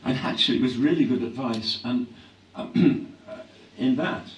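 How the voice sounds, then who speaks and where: An older English man reflecting on his acting career in a live on-stage interview, clearing his throat often as his voice grows hoarse. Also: mid-range voice, a little slow. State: voice growing hoarse. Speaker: actor being interviewed. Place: hall at a public event. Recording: echoey hall from a distance, faint hum.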